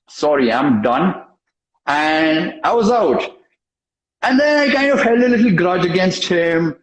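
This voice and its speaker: A young man, a guest in an interview, telling a story with emphasis and acting out the dialogue in it. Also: fairly high pitch. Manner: animated, emphatic storyteller who acts out dialogue and tags lines with "okay?". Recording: echoey room.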